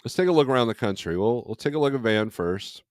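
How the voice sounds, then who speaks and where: A man's voice: mid-range voice, animated, fast, no echo, studio quality. A man hosting a casual morning livestream from home, rambling along and reading viewer comments aloud. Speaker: livestream host, trucker. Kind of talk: casual chat. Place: at home, not in a truck.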